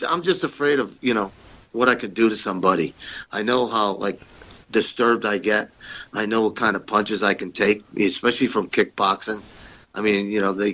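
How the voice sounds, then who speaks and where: A man's voice: lowish voice, sharp tone, dull audio. A man guest on a podcast, rambling through stories in a casual, profane way and repeating himself. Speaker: podcast guest, former wrestler. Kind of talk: casual storytelling interview.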